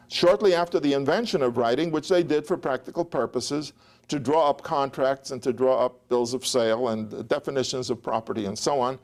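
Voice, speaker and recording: A man's voice: medium pitch, creaky, darkish tone. A man lecturing on ancient history in a digressive, anecdotal way, with chuckles and restarts. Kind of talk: academic lecture.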